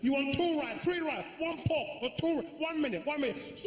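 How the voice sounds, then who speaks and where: A high, squeaky male waiter done by a man gets muddled and asks the same thing over and over. The sound is echoey, with audience noise in the background of the venue. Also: flat delivery, normal speed, a little mellow, lightly acted. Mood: flustered. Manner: repeats questions over and over in a muddle. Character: flustered fast-talking male restaurant waiter.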